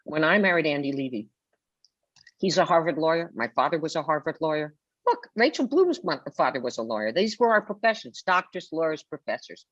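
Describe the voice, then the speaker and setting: A woman's voice: sits low, big pitch swings, a little fast, dry recording. An older woman talking on a webinar as a guest author, telling stories theatrically and acting out the people she quotes. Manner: theatrical storyteller who acts out quotes. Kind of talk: webinar conversation. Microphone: video call. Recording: dull lo-fi video call audio.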